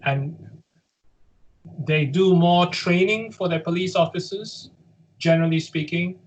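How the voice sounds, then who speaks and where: A man from the UK, a guest on an interview, speaking in a measured way and hedging with qualifiers and fillers. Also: high voice, slight background noise, poor audio. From United Kingdom. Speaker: guest, head of a survivor support group.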